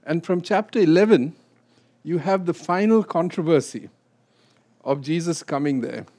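A man with a fairly high voice teaches a Bible study group. He talks things through casually, then bursts into loud, animated retellings of the scripture scenes. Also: moderate pace. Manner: animated, acts out scripture quotes with rising voice.

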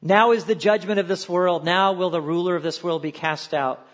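Male pastor, high voice, sermon delivery with quiet asides. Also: moderate pace. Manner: expressive preaching, quotes scripture aloud, drops to quiet asides.

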